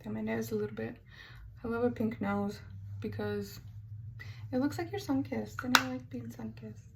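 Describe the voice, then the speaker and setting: A woman's voice: a little high, normal speed, creaky, background noise. A woman beauty vlogger chatting casually through a makeup tutorial, self-mocking and stumbling over words now and then.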